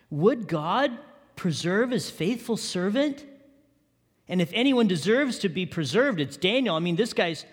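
A male pastor preaching a sermon, often asking the congregation questions. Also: sits high. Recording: long reverb of a large hall.

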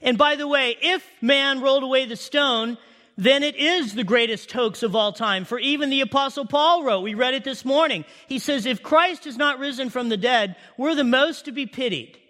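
High, bright-voiced preacher in a reverberant hall. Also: male voice, moderate pace. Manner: animated storytelling preacher, repeats key lines. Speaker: pastor. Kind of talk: Easter sermon.

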